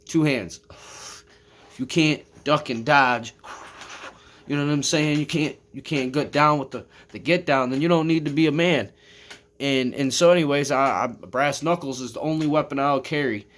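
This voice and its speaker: A man's voice: on the high side, normal speed, a bit bright. A man telling a long personal story to his camera in a casual, rambling way, swearing often and filling gaps with "I mean" and "you know what I'm saying". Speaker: vlogger. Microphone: camera, talking to viewers.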